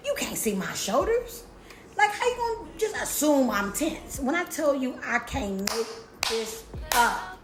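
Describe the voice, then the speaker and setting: A young woman with a high voice and big pitch swings speaks slowly as a storytime vlogger, telling her viewers a story in a casual, slangy, profane way and often repeating herself. The recording has a roomy echo with faint music.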